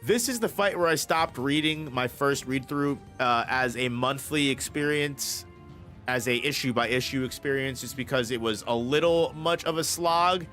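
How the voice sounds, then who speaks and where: A man's voice: mid-range voice, normal speed, fairly bright tone. Male manga reviewer, easygoing and foul-mouthed, mid-range voice, light music underneath. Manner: rambling, profane, enthusiastic with restarts. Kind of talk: casual commentary.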